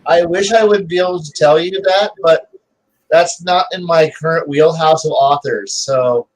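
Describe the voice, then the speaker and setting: A man on a gaming podcast, answering in a loud, plain-spoken way. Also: on the high side, moderate pace, low-quality recording. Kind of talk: casual podcast chat.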